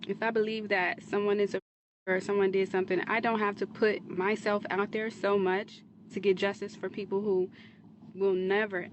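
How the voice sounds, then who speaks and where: A woman's voice: medium pitch, slight background noise. A woman speaking in a clip, giving an earnest, defensive monologue to camera that rambles from point to point. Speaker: social media creator in a played clip.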